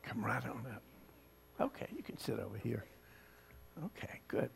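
A male pastor leading liturgy and talking with children, slow, deliberate and gentle. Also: medium pitch, sing-song, creaky. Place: church sanctuary.

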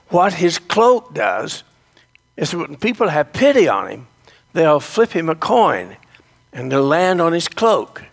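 A man preaching a sermon tells a story and speaks directly to his congregation. His voice is fairly high with vocal fry, and a long reverb tail trails behind it.

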